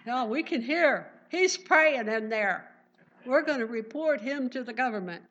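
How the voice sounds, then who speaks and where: Woman playing loud scheming tattlers, eager, a bit high, muffled lo-fi sound. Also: animated, a little slow. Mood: tattling. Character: scheming men spying and tattling.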